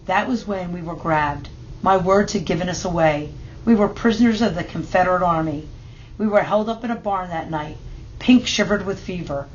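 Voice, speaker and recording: A woman reading a children's picture book aloud in steady, measured narration. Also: on the low side, highs cut off, slight background noise. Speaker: storybook reader.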